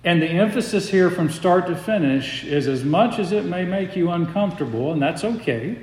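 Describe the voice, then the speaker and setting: A man preaching an expository sermon as pastor, measured and emphatic, slowing down to stress key phrases. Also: on the high side, expressive, echoey room, in a large hall.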